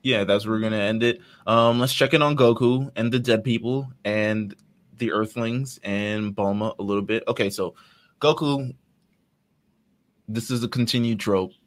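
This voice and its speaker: A man co-hosting a casual fan podcast, laid-back and quick to laugh as he retells scenes. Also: lowish voice. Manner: laid-back, laughs often, acts out characters' lines. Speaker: podcast co-host.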